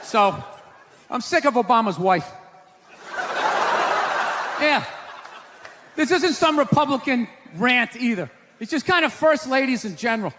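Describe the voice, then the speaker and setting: A man doing a stand-up routine in a sarcastic, ranting way, shouting his punchlines. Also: very high-pitched, expressive, a little slow, pauses often. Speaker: stand-up comedian. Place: live comedy stage. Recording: live stage with crowd and noise. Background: audience laughter.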